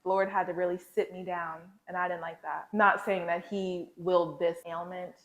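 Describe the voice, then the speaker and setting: A woman with a somewhat low voice shares a confessional faith story, talking to her viewers in a casual, slangy way. The sound is roomy, with a clear echo around her. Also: little pitch movement, moderate pace, fairly bright tone. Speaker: lifestyle vlogger. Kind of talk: candid faith storytelling to camera.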